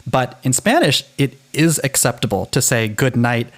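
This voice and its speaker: Male co-host, casual podcast chat, animated delivery with restarts, mid pitch. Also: normal speed. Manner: animated, self-interrupting.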